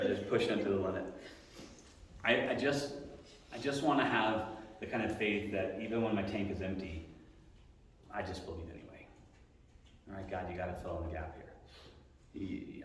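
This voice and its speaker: A man preaching a sermon, earnest and building to prayer with dramatic pauses, with playful asides. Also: on the low side. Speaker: pastor. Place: church sanctuary. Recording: echoey hall, mic at a distance.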